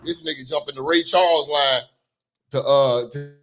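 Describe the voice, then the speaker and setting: Brief: high-pitched male livestream host, bright tone, loud and profane joker. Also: moderate pace, a little hiss or hum. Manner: loud, joking, profane, laughs often. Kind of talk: casual livestream commentary.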